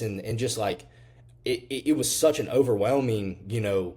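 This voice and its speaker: Young man, earnest, rambling and slightly low. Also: moderate pace, dark tone. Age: 20s. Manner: rambling, heavy on "you know" fillers and swearing; earnest and emotional, rising into fired-up urging. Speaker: physique coach. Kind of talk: casual motivational talk to camera.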